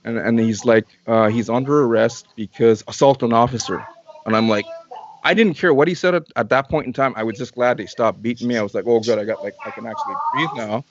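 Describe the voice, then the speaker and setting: A man's voice: medium pitch, a little fast, lo-fi sound, background noise. A man from Canada, a guest in an interview, tells a long personal story in casual talk, repeating and restarting phrases as he goes.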